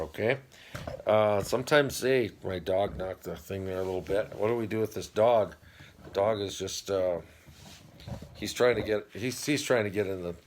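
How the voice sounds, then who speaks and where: A man's voice: on the low side, a little hiss or hum. A middle-aged man hosting a home channel, casually recapping a TV dating show with rambling, wry asides. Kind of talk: casual chat.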